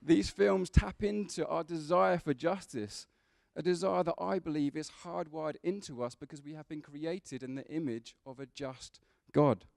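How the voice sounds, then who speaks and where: Gravelly-voiced man preaching a sermon. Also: on the high side, normal speed, hardly any pauses, a little mellow, dry recording, studio quality, some chatter behind. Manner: conversational, with asides and humor to the congregation. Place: church.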